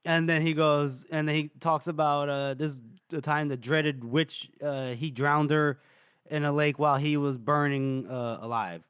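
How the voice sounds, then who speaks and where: Animated man retelling a story. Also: on the high side, unhurried, clean tone, no echo, studio quality. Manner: animated retelling, acting out character lines with laughs and swearing. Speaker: podcast co-host. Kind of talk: casual chat recapping a book.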